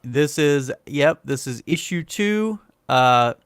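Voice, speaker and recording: Man, interview guest, comic creator, unhurried, dry close sound. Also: on the high side, expressive, clear, resonant tone, no room sound. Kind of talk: casual interview.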